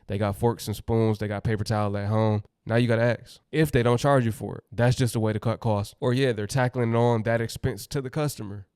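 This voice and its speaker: A man's voice: lowish voice, fairly even intonation, fairly quick, hardly any pauses, darkish tone, clear, resonant tone, no room sound, clean studio sound. A man hosting a commentary channel, talking plainly and thinking aloud in a casual reaction style.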